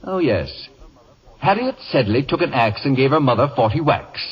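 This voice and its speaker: An actor playing a pompous, acid-tongued middle-aged critic in a 1950s radio drama, mocking people theatrically with chuckles. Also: male voice, mid-range voice, very animated, normal speed, slightly rough. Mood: gloating. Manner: sardonic, theatrical, chuckling mockery. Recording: dull lo-fi 1950 radio broadcast.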